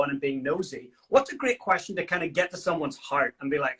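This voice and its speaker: A man's voice: fairly high pitch, brisk, hardly any pauses, a bit bright, husky, poor audio. A man with an Irish accent, an interview host, asking questions in an enthusiastic, appreciative way. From Ireland. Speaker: podcast host and coach.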